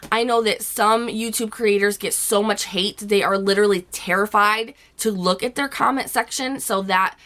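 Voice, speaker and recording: A woman talks straight to her viewers in a casual advice vlog. Her voice sits at a middling pitch but sounds rough and hoarse from a lingering cold. She is blunt and chatty, fills her talk with "you know" and swears now and then. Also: fairly even intonation, moderate pace, hardly any pauses, a bit bright. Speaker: YouTube vlogger. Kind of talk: casual advice chat to camera.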